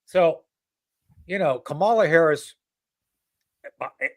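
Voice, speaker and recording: A man's voice: fairly high pitch, slow pace. A man hosting a casual political talk show. He rambles and mocks, with many restarts and asides.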